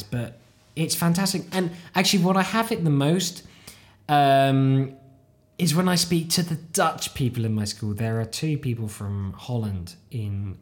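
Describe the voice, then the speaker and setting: Solo podcast host, rambling and self-deprecating, tired late-night chat, close home mic. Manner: rambling, self-deprecating, jumps into squeaky high voices for inner thoughts. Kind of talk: casual solo monologue.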